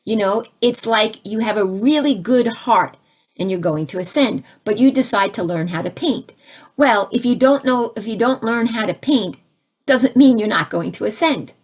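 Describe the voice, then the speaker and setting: A woman giving a conversational spiritual talk, asking her listeners questions and turning animated as she acts out her own reactions. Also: normal speed, husky. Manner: animated, rising to high exclaims when acting out her own reactions; conversational, asks the audience questions. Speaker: spiritual teacher.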